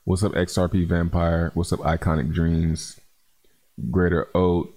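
A man's voice: low-pitched, level tone, a little slow, dark tone. A man hosting a casual crypto livestream, reading viewer comments in a laid-back, chatty way and calling viewers man and bro.

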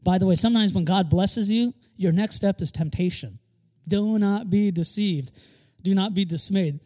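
High-voiced pastor, emphatic and joking. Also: male voice, normal speed, darkish tone. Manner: repeats key phrases for stress. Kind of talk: sermon.

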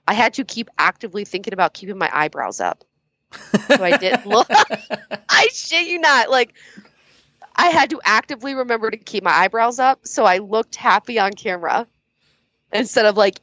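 A woman's voice: medium pitch, lively intonation, normal speed, fairly bright tone, dry recording. Candid laughing woman, dull dry sound. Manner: candid, laughing, swears casually. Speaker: guest, competition judge. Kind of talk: casual interview chat.

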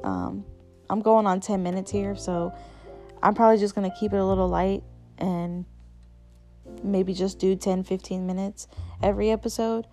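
A young woman talks straight into the mic for her own podcast, candid and loose, full of "um"s, "like"s and self-corrections. Her pitch sits in an ordinary middle range. Faint music plays softly behind her. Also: steady tone, moderate pace, pauses often. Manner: chatty, candid, many fillers and restarts. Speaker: podcast host. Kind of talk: casual solo podcast chat.

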